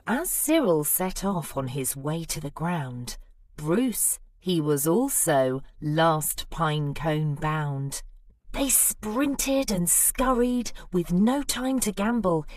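A woman reading a rhyming children's storybook aloud with lively, expressive narration. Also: fairly low pitch, no room sound, studio quality. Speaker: storybook reader.

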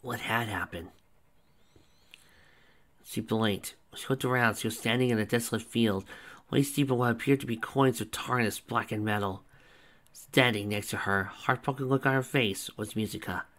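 A man reading fan fiction aloud as narrator, in a steady, plain way. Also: lowish voice, normal speed.

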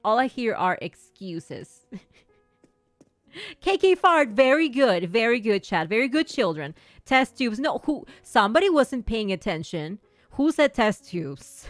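A woman's voice: a little high, very animated, unhurried, no room sound, faint music behind. A woman gaming streamer chatting live with viewers, playfully acting as a strict teacher and laughing often. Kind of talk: livestream chat, playing a strict teacher to viewers.

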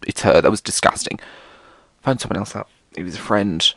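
A man's voice: on the low side, brisk, creaky, a bit bright, no room sound. A British man hosting a solo podcast, rambling casually and theatrically, swearing often. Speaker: podcast host.

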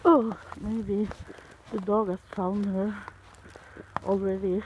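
A woman's voice: medium pitch, little pitch movement, takes it slowly, long pauses, dull audio, a little hiss or hum. A Norwegian woman with a Norwegian accent chatting casually into her phone outdoors in the snow, giggling and using baby talk with her puppy. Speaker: vlogger. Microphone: phone held in hand.

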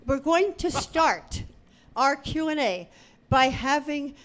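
Woman emcee hyping the q&a, high voice, loud and upbeat. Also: lively intonation, slow pace. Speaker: event organizer. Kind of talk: event emcee announcements.

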